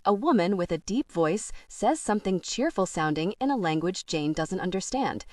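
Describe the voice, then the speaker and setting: A woman's voice: mid-range voice, no room sound. Woman narrating an audiobook, dry sound. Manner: measured, expressive reading. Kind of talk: scripted narration. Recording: dry, slightly distant mic.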